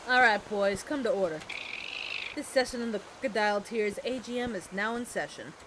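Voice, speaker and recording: A woman's voice: medium pitch, moderate pace, noisy background, close to an everyday voice. A woman voicing a pompous crocodile boss in a detective game, talking in a bossy, officious way.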